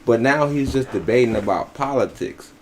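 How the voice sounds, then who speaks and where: A man's voice: mid-range voice, moderate pace, background noise. A man giving blunt, profane, mocking commentary as a podcast co-host. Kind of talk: casual commentary.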